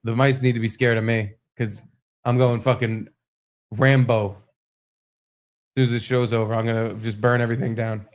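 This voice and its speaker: A man's voice: mid-range voice, normal speed, long pauses. A man co-hosting a podcast, telling stories in casual comedic chat with lots of swearing and animation. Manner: profane, animated storytelling. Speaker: podcast co-host.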